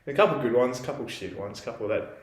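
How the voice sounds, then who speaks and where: A young man with an Australian accent tells a story in a loose, rambling way, leaning on "like" and "you know". His voice sits at an ordinary middle pitch. The recording has a noticeable roomy echo. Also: brisk. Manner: rambling, laid-back, heavy on fillers like "like". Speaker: podcast co-host. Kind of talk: casual storytelling.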